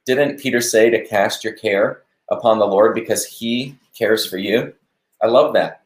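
A man hosting a live stream, giving a relaxed devotional talk on a verse and chatting to viewers as they comment. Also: on the low side, measured pace, echoey room. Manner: conversational, warm-hearted preaching with asides to viewers.

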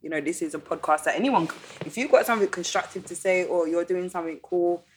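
A woman's voice: lowish voice, fast, slight background noise. A woman hosting a podcast, chatting casually and playfully with slang, thanking her guest and her listeners. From Caribbean heritage. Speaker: podcast host.

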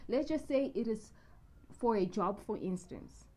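A woman discussing faith in casual conversation, earnest and measured, often reading scripture aloud. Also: a little high, lively intonation, mellow. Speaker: guest.

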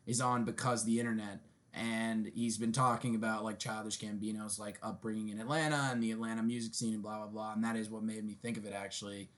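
A man co-hosting a casual podcast chat, rambling and restarting his sentences with stammers. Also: medium pitch. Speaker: podcast co-host.

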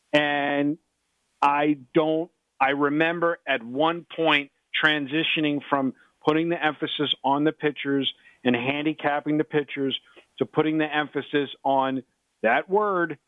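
A middle-aged man talks about betting on a sports radio show, circling back and restarting his thoughts. His voice sits a little high for a man and comes through a thin, dry phone line. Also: no room sound. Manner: rambling, repeats himself, many restarts.

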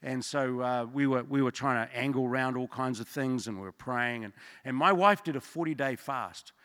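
A man's voice: mid-range voice, normal speed, a bit bright. A middle-aged man, preaching a church sermon in an informal, joking way, with rambling asides. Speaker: guest preacher. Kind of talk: evening church sermon with testimonies. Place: church service. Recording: long church hall reverb.

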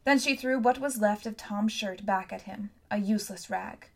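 A woman narrating a novel for an audiobook in a measured, even storytelling manner. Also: mid-range voice, gravelly.

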